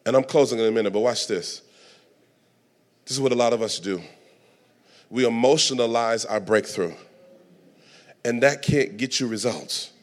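A pastor preaching a sermon with dramatic delivery, dropping to soft asides and rising to shouts. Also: male voice, mid-range voice, normal speed, pauses often.

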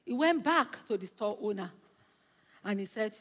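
A woman's voice: mid-range voice, animated, moderate pace, husky, in a large hall. A woman guest preacher in a large church, praying fervently and telling a story to the congregation. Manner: fervent, rising into praise, then gentle storytelling. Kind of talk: sermon with prayer and storytelling.

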